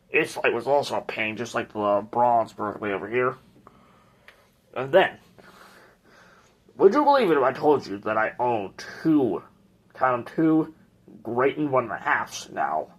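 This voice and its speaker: Slow, hesitant man. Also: medium pitch. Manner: hesitant and rambling, with many restarts. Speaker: ceiling fan collector and channel host. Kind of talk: casual collection tour video.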